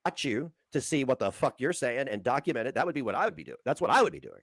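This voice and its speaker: A man's voice: mid-range voice, big pitch swings, quick pace, vocal fry, fairly bright tone, no echo, studio quality. A man co-hosting a livestream, ranting heatedly and swearing as he lectures someone. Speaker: livestream co-host. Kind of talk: casual livestream chat.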